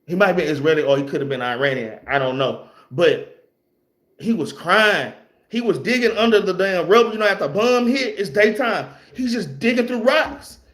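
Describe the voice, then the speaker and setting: A young man teaching scripture in a loose, slangy way, repeating words and reading verses slowly. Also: sits high, lively intonation, fairly bright tone. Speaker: street preacher teaching scripture. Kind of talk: informal Bible teaching.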